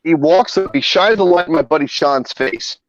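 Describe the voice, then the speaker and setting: A man's voice: fairly high pitch, moderate pace, muffled recording. A man guest on a live stream, telling a wild anecdote with constant swearing. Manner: profane, animated anecdote telling. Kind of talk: casual storytelling on a live stream.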